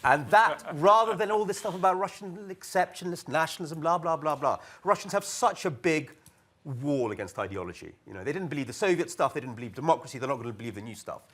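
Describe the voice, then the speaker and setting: Male panelist, ex-TV producer, animated conversational delivery with frequent repeats. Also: fairly high pitch, husky. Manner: animated, repetitive, quick asides. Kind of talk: panel discussion talk.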